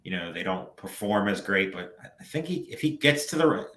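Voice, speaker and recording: A low-voiced man co-hosts a casual podcast chat, quick to chime in with firm opinions. His voice carries a roomy echo around it. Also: big pitch swings, pushed and bright. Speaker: podcast co-host.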